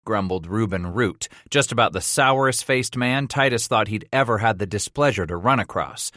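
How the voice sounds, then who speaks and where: Low-ish guy reading a western audiobook, measured, dry close sound. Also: pushed and bright, dry recording. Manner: measured, storytelling. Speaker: audiobook narrator. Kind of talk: scripted narration of a western novel.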